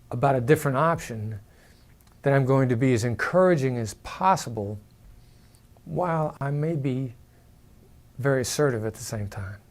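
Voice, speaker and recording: A former hostage negotiator giving a measured, explanatory talk to the camera and demonstrating vocal inflections as he goes. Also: mid-range voice, a little mellow.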